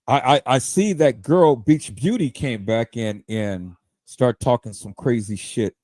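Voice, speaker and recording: A man's voice: mid-range voice, a little slow, darkish tone, no room sound. A man hosting a livestream, ranting in a heated, profane way and stammering repeated words as he goes. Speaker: livestream host. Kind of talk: livestream rant.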